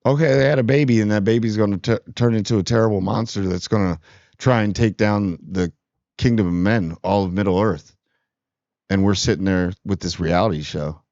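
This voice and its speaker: A man's voice: lowish voice, fairly quick, darkish tone, dry recording, dull audio. A man hosting a casual TV spoiler review, rambling and sarcastic. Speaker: TV review channel host.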